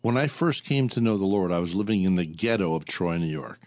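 Male interview host, low-pitched, affirming and conversational, recorded dry and close. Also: animated, fairly quick, darkish tone, no echo. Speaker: talk show host. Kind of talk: casual interview chat.

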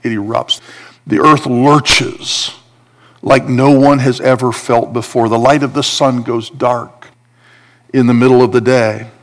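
A man's voice: medium pitch, fairly even intonation, measured pace. A man preaching a sermon, building intensity with repeated emphatic phrases. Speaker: pastor.

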